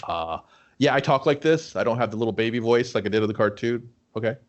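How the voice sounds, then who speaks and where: A man's voice: mid-range voice, fast, close to an everyday voice. A man voicing a sheepish green ghost who mumbles and hesitates as he begs for a way out. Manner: mumbling, hesitant, with many uh fillers.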